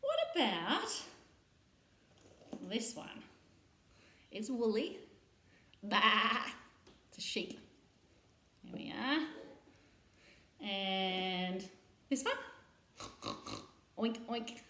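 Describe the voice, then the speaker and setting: A woman's voice: medium pitch, sing-song, very slow, long pauses, a bit bright. A woman hosting a children's playtime session, leading stretches and farm animal sounds in a playful, sing-song way. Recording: roomy echo.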